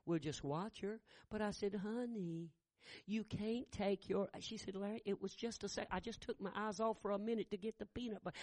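A middle-aged man preaching a sermon, telling a family story and building to loud shouted peaks. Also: high-pitched, moderate pace, no room sound, clean studio sound. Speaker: pastor.

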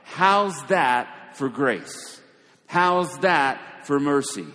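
A man preaching a sermon, shifting between quiet asides and raised, emphatic lines. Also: fairly high pitch, animated, very slow. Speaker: pastor. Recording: long hall reverb.

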